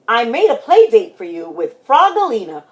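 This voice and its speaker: A woman voicing a gentle, patient mother frog in a storybook reading. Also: on the high side, wildly swooping pitch, moderate pace.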